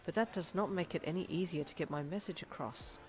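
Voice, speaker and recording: A woman's voice: on the low side, quick pace, lightly acted. A woman voicing a stiff, formal young man. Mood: earnest, dejected. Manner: formal, precise phrasing without contractions. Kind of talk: fanfiction audiobook reading.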